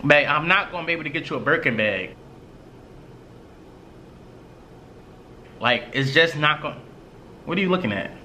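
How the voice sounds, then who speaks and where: A man's voice: a little high, expressive, fast, sharp tone, slight background noise, pitched below the performer's own voice. A man voicing a broke young boyfriend who pleads with his partner in exasperation. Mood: exasperated.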